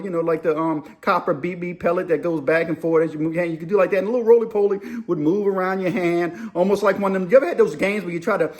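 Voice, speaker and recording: A man with a rather high voice telling a story in a casual, animated way. He rambles and talks in slang, often breaking off to ask the listener something.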